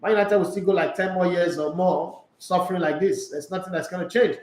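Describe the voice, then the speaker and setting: Nigerian guy hosting a sports stream, high voice, chatty, reads comments, pidgin here and there, roomy echo. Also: fairly even intonation, a little fast, a little mellow. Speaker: sports show host. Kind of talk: casual live-stream chat reading comments.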